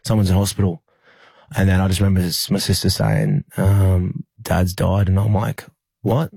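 A young Australian man telling a personal story in an interview, halting and full of fillers and restarts. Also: low-pitched, little pitch movement, vocal fry, mellow, slightly rough, no room sound. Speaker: interview guest, rugby league player.

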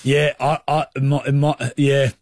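A man's voice: medium pitch, level tone, slow, a little mellow, no room sound. A young Australian man co-hosting a radio show in a studio, joking and teasing in loose, casual banter. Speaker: radio co-host. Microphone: studio microphone.

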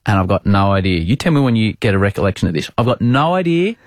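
Brief: lively Australian male host, self-mocking storyteller, dry close sound. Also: on the low side, quick pace, no echo. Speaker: podcast host, sports broadcaster. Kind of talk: casual storytelling chat.

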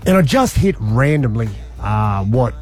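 A man in his forties, a radio host telling a story in a lively, slangy way and acting out what people said. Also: medium pitch, a little slow, faint music behind. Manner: animated, slangy, acts out quotes.

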